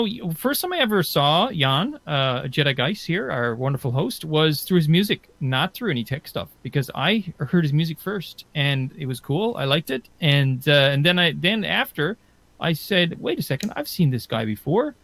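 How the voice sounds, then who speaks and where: A man's voice: a little high, animated, moderate pace, vocal fry, a bit bright, dry recording. Rambling man on a podcast. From Newfoundland and Labrador, Canada. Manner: rambling, friendly, lots of "you know". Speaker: podcast co-host. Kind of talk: casual chat.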